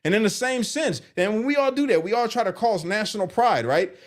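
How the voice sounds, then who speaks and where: A man doing live commentary on viewer comments, animated and exasperated as he reads them aloud. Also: sits high, brisk. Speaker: streamer reacting to comments.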